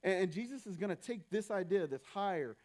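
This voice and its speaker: A man's voice: sits high, expressive, fairly quick, a little mellow. A young man preaching a sermon in a church, talking in a loose, conversational way with frequent restarts. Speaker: pastor.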